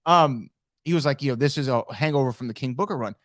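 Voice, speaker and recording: A man's voice: medium pitch, quick pace, no room sound, studio quality. A man co-hosting a podcast in casual chat, in a playful, teasing manner. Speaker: podcast co-host.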